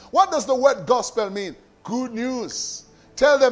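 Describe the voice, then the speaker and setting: A man preaching a sermon who repeats key phrases and calls on the congregation to answer, swinging between shouting and quiet, sung lines. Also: very high-pitched, lively intonation, measured pace. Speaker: pastor.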